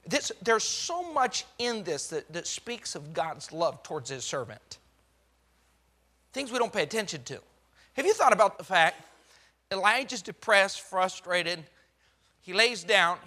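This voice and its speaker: A male pastor delivers a dramatic sermon in a high, bright voice. He moves from hushed, slow passages to loud, quick bursts, acting out scripture dialogue. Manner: dramatic, swings from hushed to loud, acts out God's lines.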